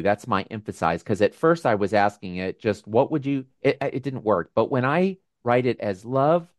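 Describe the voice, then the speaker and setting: A man hosting a casual video call with his members, talking in a gentle, musing way with frequent restarts. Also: fairly low pitch, no echo, clean studio sound. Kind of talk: casual reflective talk.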